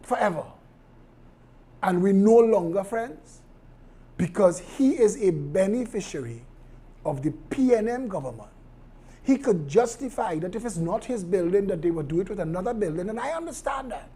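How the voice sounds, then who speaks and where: Outspoken Trinidadian man, husky mellow voice. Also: sits high. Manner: sharp and outspoken, shifts between calm measured tone and loud emphasis. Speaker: host of a live political show. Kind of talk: live commentary.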